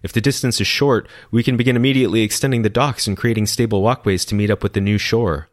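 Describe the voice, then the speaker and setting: A man's voice: lowish voice, fairly even intonation, fast talker, dry recording, clean studio sound, pitched above the performer's own voice, natural voice. A man voicing an anxious male scout making an earnest report.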